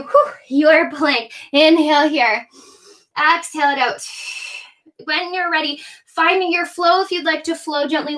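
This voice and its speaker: This yoga teacher is a young adult woman whose high voice has a fairly bright tone. Running a live class, she calls out breaths and poses with a playful touch, a little winded from moving along.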